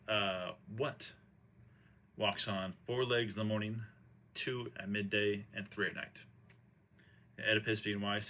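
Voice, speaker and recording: A man's voice: on the low side, pushed and bright, slight background noise. A man retelling an old tragedy in a casual, rambling way, full of slang, fillers and restarts. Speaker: host retelling a play. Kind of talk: casual storytelling chat.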